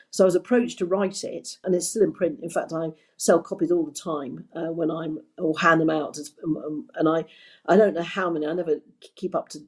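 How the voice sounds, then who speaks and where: A woman's voice: sits low, creaky, warm tone. An older woman with a Kentish accent, a podcast guest chatting through her career in rambling, story-filled answers with frequent restarts. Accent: Kentish English. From England. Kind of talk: conversational interview storytelling.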